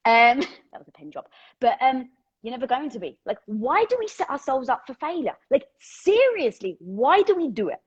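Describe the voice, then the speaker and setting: On a live stream with a headset, a woman delivers casual motivational chatter, swearing a little as she thinks aloud. She sounds high-pitched and sing-song at a normal speed, with a breathy edge and lo-fi audio.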